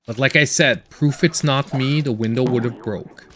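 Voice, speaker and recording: A man's voice: mid-range voice, normal speed, fairly bright tone, a little hiss or hum. A man with a Canadian accent giving casual, rambling let's-play commentary as a gaming channel host. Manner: rambling, filler-heavy chatter.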